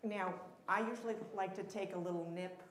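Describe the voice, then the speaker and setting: A woman's voice: medium pitch, fairly even intonation, fairly quick. A woman doing live character comedy as a therapist, flustered and effusive, rambling with many restarts, on a handheld mic in a temple event hall. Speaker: comic performer playing a therapist at a live event. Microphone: handheld mic on stage. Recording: roomy hall, audience noise and laughter.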